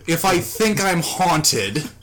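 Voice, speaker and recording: Young male co-host, slightly high pitch, sarcastic disbelieving delivery. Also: big pitch swings, takes it slowly, fairly bright tone. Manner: sarcastic, incredulous. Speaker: podcast co-host. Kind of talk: casual chat.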